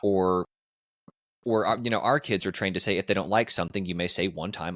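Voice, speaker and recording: A man co-hosting a casual reaction discussion, speaking in a measured way with frequent halting restarts. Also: low voice, a bit bright, no room sound. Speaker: podcast co-host, parent.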